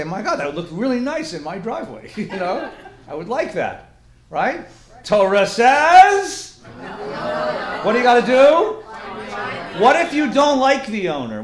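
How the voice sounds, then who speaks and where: A male rabbi lecturing a live class, animated and joking, with Yiddish words woven in. His voice sits high and swings widely up and down, in an echoey classroom.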